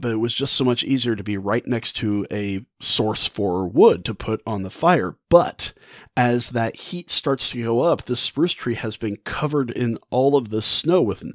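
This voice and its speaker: A man casually retelling a classic short story with animated energy, laughing often and restarting his phrases. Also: medium pitch, no room sound, clean studio sound. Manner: animated, retells the story with mock-quoted thoughts. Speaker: book vlogger. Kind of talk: casual book discussion.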